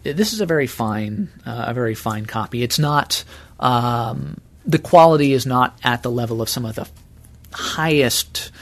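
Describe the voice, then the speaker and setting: A man of middle pitch speaks in an interview as an archivist. He explains steadily and carefully, with a measured, unhurried manner. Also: lively intonation.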